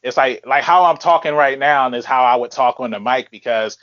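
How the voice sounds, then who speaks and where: A man's voice: mid-range voice, fairly quick, fairly bright tone, no room sound. Man, podcast panelist, casual chat, laid-back, filler-heavy, dry close sound, slightly muffled.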